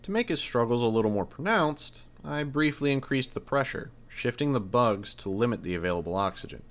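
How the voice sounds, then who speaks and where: A man narrating a first-person story in a tense, measured reading. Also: medium pitch, expressive, fairly bright tone. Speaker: audiobook narrator.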